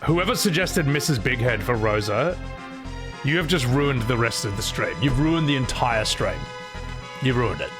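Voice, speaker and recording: A man's voice: mid-range voice, lively intonation, moderate pace, over music. A man streaming a game playthrough, joking and mocking his own voice work. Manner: joking, self-deprecating. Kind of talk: casual gameplay commentary.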